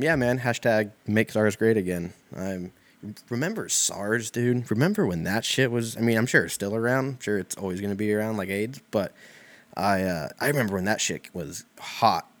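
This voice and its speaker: Young dude riffing solo on a podcast, kinda low voice, swears a lot, rambles. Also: male voice. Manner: rambling, profane, laid-back with frequent fillers. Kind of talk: casual comedic monologue.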